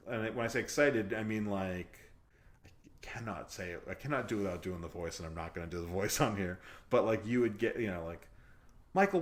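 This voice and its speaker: Man, very low voice, podcast host, rambling casual chat, lots of likes and ums. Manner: rambling, filler-heavy, self-deprecating.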